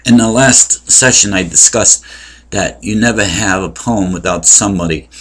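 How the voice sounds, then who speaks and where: A deep-voiced man talks through a poem at an unhurried pace. He lectures casually, stopping often to hunt for words, and reads verse aloud slowly when he quotes. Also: a bit bright. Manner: halting, many ums and uhs, reads verse aloud slowly. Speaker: poetry teacher.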